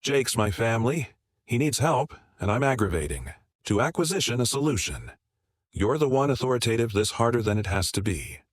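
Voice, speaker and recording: A man voicing a defensive, manipulative woman in a spoken story, with a sharp, insistent way of talking. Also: medium pitch, very animated, a little fast, no echo, studio quality.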